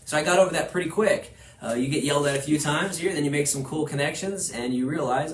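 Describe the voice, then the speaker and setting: Man, real estate class lecture, energetic, acts out dialogue, roomy echo, faint background hum. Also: a little high, quick pace, few pauses. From Houston. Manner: energetic, acts out quoted conversations. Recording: echoey room with faint ambience.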